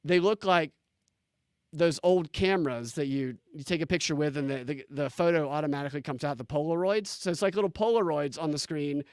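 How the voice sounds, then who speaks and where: A man hosting a commentary show, talking in an animated, incredulous way with many restarts as he reads posts aloud. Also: a little high, a little fast, clear, resonant tone, dry recording, studio quality. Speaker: political commentary show host. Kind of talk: casual on-screen commentary.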